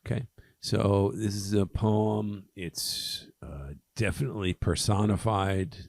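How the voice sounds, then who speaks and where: A man's voice: fairly low pitch, steady tone, slow pace, gravelly, a little mellow, no echo. A man tutoring, walking through a poem line by line, with frequent ums and okays as he explains. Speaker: test prep tutor. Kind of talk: poem walkthrough lesson.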